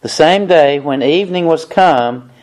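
A man preaching a sermon, reading Bible passages aloud and explaining them in a deliberate manner. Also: fairly high pitch, darkish tone.

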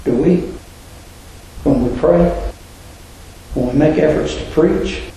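A man's voice: fairly high pitch, mellow, a little hiss or hum. A man preaching a sermon in a church, asking his listeners rhetorical questions. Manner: rhetorical, asks the congregation questions. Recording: very echoey room.

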